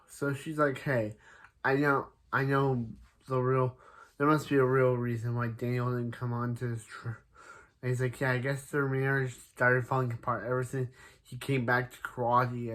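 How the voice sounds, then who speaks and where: A man's voice: mid-range voice, a bit bright. Rambling young man recapping a show. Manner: rambling, restarts often, paraphrases characters with "he's like"; laughs at a character's name. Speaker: episode recapper. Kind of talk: casual plot recap.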